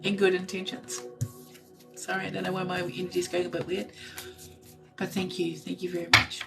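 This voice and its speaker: A woman giving a live intuitive card reading, talking in a soft, slow, meditative way and reading card text aloud. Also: lowish voice, little pitch movement, vocal fry, far from the mic, music in the background, rough recording.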